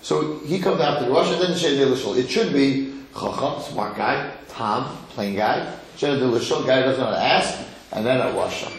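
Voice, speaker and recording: A middle-aged man, a rabbi, giving an animated lesson to a live audience, repeating phrases and putting questions to the room. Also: mid-range voice, normal speed. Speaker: rabbi teaching a class. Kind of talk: Torah lecture to a live audience. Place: lecture hall with audience. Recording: echoey hall.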